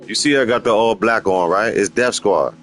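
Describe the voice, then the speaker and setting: A middle-aged man hosting a gaming livestream in casual street slang. He rambles and repeats himself for emphasis, jumping into high-pitched voices when he quotes people. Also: moderate pace, faint music behind. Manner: rambling and opinionated, slips into animated high-pitched quoting of others.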